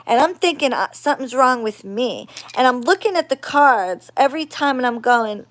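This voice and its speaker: A woman chatting casually to her viewers, rambling and expressive, going from loud outbursts to low murmurs. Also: normal speed, few pauses. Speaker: spiritual practitioner and channel host. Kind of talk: casual chat to camera.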